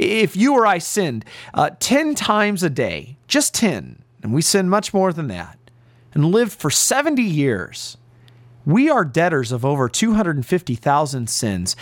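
Guy preaching a sermon, really expressive pitch, leans hard on words, earnest. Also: no room sound, clean studio sound. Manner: earnest, emphatic preaching with drawn-out stresses.

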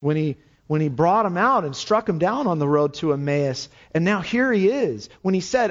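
A man's voice: sits high, very animated, moderate pace, hardly any pauses. Fervent preacher man, dull lo-fi sound. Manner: earnest, rising to fervent exhortation. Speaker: pastor. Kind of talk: sermon.

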